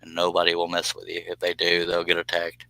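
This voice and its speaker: A man's voice: low-pitched, completely flat delivery, brisk, gravelly, pushed and bright, clean tone, dry recording, low-quality recording. A man hosting a casual live stream, chatting in a folksy, joking way while he cuts on a scroll saw in his workshop. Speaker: livestream host.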